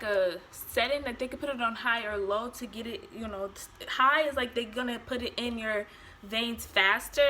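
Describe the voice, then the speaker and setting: A woman's voice: fairly high pitch, pushed and bright, slight background noise. A young woman telling a personal story in a casual vlog, acting out quotes and swearing freely. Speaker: vlogger.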